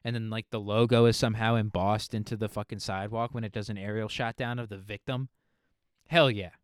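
A man's voice: lowish voice, steady tone, fairly quick, dry recording. Guy rambling on his solo podcast, swears a lot, lots of like and you know, dry close mic. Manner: rambling, profane, filler-heavy. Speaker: podcast host. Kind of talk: casual solo podcast monologue.

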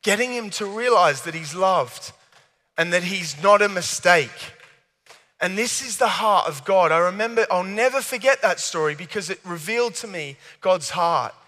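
A man with a high, bright voice preaches earnestly to young people. He trips over his words and restarts often. The sound rings with the long reverb of a large church hall. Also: animated, moderate pace. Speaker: youth preacher. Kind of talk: youth service talk.

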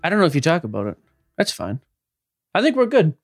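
A man's voice: a little high, huge pitch swings, fast, soft background music. A man co-hosting a podcast in casual chat, teasing and wisecracking with his partner. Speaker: podcast co-host.

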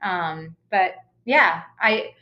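A woman's voice: lowish voice, extremely slow, lo-fi sound. A young woman, an actress, chatting casually as an interview guest, talking in a loose way with fillers and frequent laughs. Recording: roomy echo.

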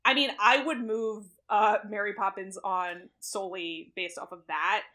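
A woman hosting a casual podcast chat, animated and opinionated, laughing often as she argues her picks. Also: mid-range voice, measured pace. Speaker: podcast host running a movie bracket.

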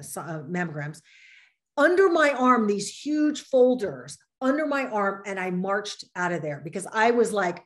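A middle-aged woman speaking as a panel guest, telling personal stories in a lively way with many fillers. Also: mid-range voice. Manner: animated storytelling, many fillers. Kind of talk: casual panel discussion.

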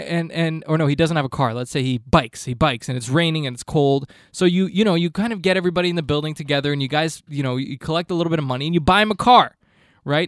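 A man hosting a comedy podcast, delivering a rambling monologue in a deadpan, mock-earnest tone with frequent restarts. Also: on the high side, quick pace, dry recording, studio quality. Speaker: podcast host.

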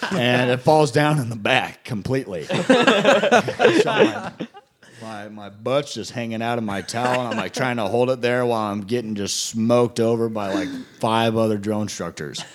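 A man's voice: medium pitch, animated, moderate pace. A young man telling boot camp stories in casual chat, rambling with fillers and frequent laughs. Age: young adult. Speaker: guest recounting boot camp.

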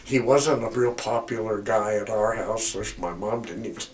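A man's voice: fairly low pitch, normal speed, distant mic. Older man telling old family stories, a little off-mic. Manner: chuckling, rambling storyteller. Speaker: guest. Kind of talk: casual storytelling.

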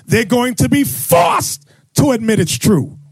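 A man preaching and teaching scripture to a crowd, loud and emphatic, calling out his listeners. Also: extremely high pitch, big pitch swings, measured pace, creaky, husky, no echo, soft background music. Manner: loud, emphatic, calls out the audience. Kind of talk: street-style scripture teaching.

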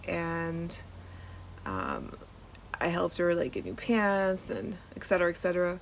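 A woman hosts her podcast from a front porch, telling a story casually and chattily with plenty of fillers and laughs. Her voice has a gravelly, fried edge, and faint outdoor ambience sits behind it. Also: lowish voice, sing-song, measured pace, a little hiss or hum, rough recording. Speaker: podcast host and nurse.

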